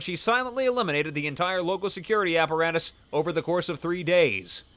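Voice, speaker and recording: A man's voice: fairly high pitch, animated, quick pace, hardly any pauses, fairly bright tone. A man playing a survival video game and commenting casually, reading on-screen scan texts aloud. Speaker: let's play host. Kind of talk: gameplay commentary.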